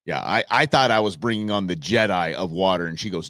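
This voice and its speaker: A man's voice: deep voice, expressive, quick pace, hardly any pauses, fairly bright tone, no echo. A man hosting a live talk show, rambling and sarcastic in casual political commentary. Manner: rambling, sarcastic, restarts often.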